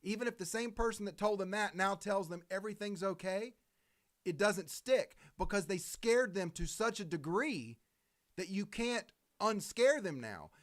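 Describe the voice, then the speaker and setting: A man co-hosting a political talk show, talking in long rambling runs with halting restarts. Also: high-pitched, lively intonation, fairly bright tone. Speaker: co-host.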